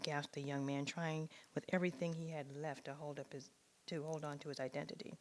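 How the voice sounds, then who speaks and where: A woman, a writer, reading her own memoir piece aloud in a measured, expressive way. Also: low-pitched.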